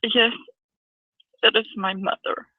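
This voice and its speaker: A woman caller giving quiet, brief answers over a tinny phone line. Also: medium pitch, steady tone, takes it slowly, no echo.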